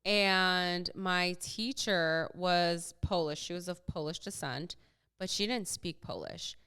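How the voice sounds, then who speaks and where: A woman's voice: on the low side, pushed and bright, clear, resonant tone. A young woman co-hosting a podcast, telling stories in a teasing, laughing way. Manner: teasing, storytelling, quick to laugh. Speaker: podcast co-host. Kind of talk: casual chat.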